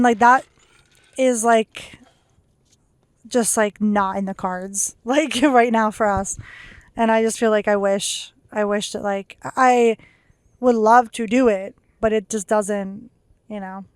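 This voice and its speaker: A woman's voice: medium pitch, fairly even intonation, slow pace, long pauses, clean tone, dry recording. A young woman co-hosting a podcast in casual chat, chatty and laughing often, with lots of "like" fillers. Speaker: podcast co-host.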